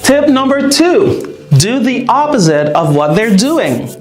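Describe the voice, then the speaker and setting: A young woman teacher talks through classroom tips in a bright, animated voice that rises and falls a lot. Her delivery is scripted and friendly, with faint music playing under her. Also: fairly high pitch, unhurried. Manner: lively, acts out shouting at pupils. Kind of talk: scripted educational video.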